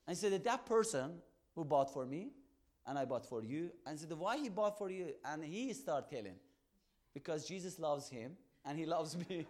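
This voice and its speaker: A man with a fairly high voice preaching in earnest. He tells his story with conviction and acts out the conversations in it. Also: expressive, moderate pace. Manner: earnest storytelling in non-native English, acts out dialogue. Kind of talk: testimony sermon.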